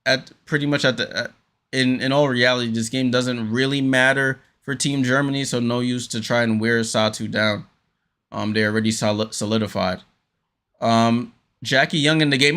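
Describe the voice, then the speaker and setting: A man hosting a casual fan watchalong, calling the game play by play with frequent fillers and sudden jumps of excitement on big plays. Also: medium pitch, moderate pace. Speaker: host.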